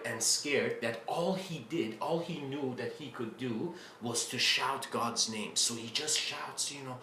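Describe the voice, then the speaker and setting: A man's voice: medium pitch, pushed and bright. A man giving a casual spiritual lecture, rambling and full of fillers and restarts as he tells a story. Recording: roomy with faint ambient noise.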